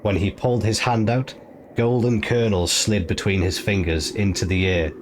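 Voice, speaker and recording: A man reading an audiobook chapter in a measured, steady narration. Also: on the low side. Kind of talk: scripted narration. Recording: noisy ambient background.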